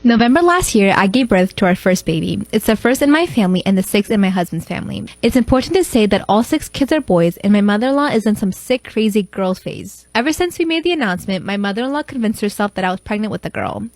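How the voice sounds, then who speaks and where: A woman's voice: medium pitch, expressive, quick pace, few pauses, a little mellow, no room sound. A young woman who recently became a mother, telling a first-person storytime with blunt exasperation.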